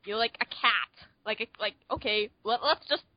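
Woman, podcast co-host, rambling, high-ish voice, dry dull lo-fi sound. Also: moderate pace, dry recording. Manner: rambling, many fillers and restarts. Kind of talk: casual movie review chat.

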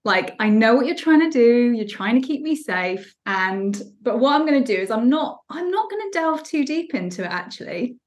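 A woman's voice: a little high, big pitch swings, moderate pace, few pauses. A woman co-hosting a podcast who speaks reflectively and asks questions at length in casual conversation. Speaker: podcast co-host. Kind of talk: casual chat.

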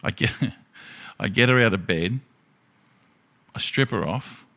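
A bright, forceful man's voice pitched a little low. He tells a rowdy story in casual chat, swearing often and acting out the other people in it. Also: slow pace, creaky. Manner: profane, animated storyteller.

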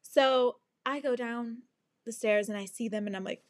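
A young woman with a fairly high voice tells a story on her podcast with big, dramatic energy. She swears without a second thought and slips in and out of other people's voices as she goes. The sound is close and dry, with no room around it. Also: moderate pace, no echo. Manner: animated and dramatic, swears freely, acts out others' lines. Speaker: podcast host. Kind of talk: casual storytelling monologue.

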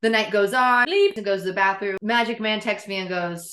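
A young woman telling a dating story to her co-hosts in casual chat, animated and laughing, swearing freely. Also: medium pitch, brisk, reverberant. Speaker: podcast co-host.

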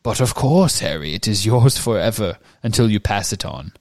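A man voicing a kindly old male wizard headmaster, speaking slowly and gently. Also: on the low side, animated, dry recording, clean studio sound.

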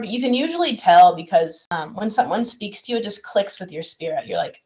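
A woman's voice: mid-range voice, fairly quick, hardly any pauses. Earnest woman co-host sharing faith. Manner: earnest, relaxed, reads scripture aloud. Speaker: podcast co-host. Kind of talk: casual faith chat.

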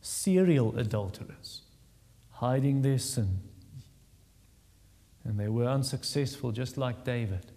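A pastor preaching a sermon, earnest and emphatic, repeating words for stress. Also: male voice, mid-range voice, slow pace, gravelly, long pauses, warm tone. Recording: long reverb of a large hall.

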